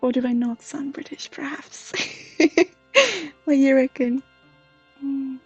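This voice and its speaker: A woman from Sweden, a streamer and intuitive counselor chatting softly with viewers, often slipping into a breathy whisper. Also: high voice, little pitch movement, a little slow, no echo, dull audio, faint music behind. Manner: soft, often drifting into a breathy whisper, laughs often. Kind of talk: live stream chat with viewers.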